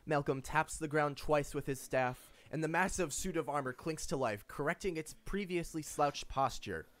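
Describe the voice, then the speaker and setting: A man's voice: fairly high pitch, normal speed, fairly bright tone, dry recording. A man narrating as game master of a tabletop game, describing scenes and laughing easily with his players.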